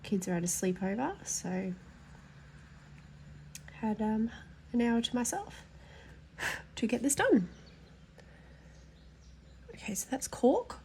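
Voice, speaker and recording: This woman's slightly high, mellow voice moves slowly and animatedly, broken by long pauses, with a faint hiss or hum behind it. She's an adult colouring YouTuber, nasal and stuffed up from hay fever, chatting frankly and thinking aloud while testing pencil swatches for her vlog.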